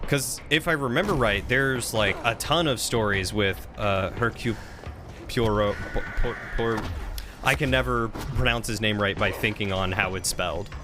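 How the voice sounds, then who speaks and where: A man's voice: fairly low pitch, moderate pace, noisy background. A man streaming a game live, chatting casually and thinking aloud as he plays.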